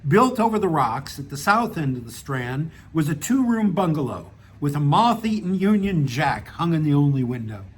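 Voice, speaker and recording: A man reads his own short story aloud in a relaxed, casual manner, now and then stumbling and restarting a phrase. His voice sits fairly high for a man. Faint noise runs underneath. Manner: relaxed reading with casual, self-deprecating asides and small restarts. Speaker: author reading his own stories. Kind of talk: audiobook narration of a short story.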